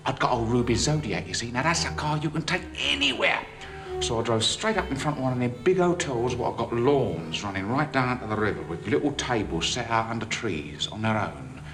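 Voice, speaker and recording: A man voices a cheeky rogue who spins his tale with sly pride. His pitch swoops up and down as he chats. Loud music sits behind him. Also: a little fast, natural voice. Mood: sly, boastful. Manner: chatty, lively, sly storytelling. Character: cheeky working-class London man, boastful rogue.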